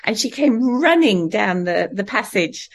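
A middle-aged woman preaching a sermon, telling a personal story in a warm, conversational way and laughing now and then. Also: medium pitch, animated, a little slow.

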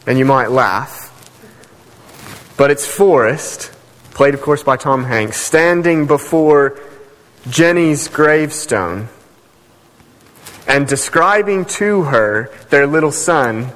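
A male preacher giving a sermon, emphatic, speeding through asides and slowing hard on key phrases. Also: mid-range voice, expressive, fairly bright tone. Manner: emphatic, swings between fast asides and slow stressed phrases. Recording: echoey hall.

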